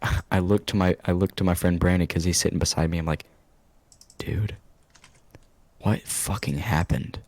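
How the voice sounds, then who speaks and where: Young man, casual podcast co-host. Very low voice, dry close mic. Laughs and swears a lot. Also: flat delivery, fast, few pauses, darkish tone, dry recording. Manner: laughs often, swears a lot, jumps into high squeaky voices when quoting himself. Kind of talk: casual storytelling chat.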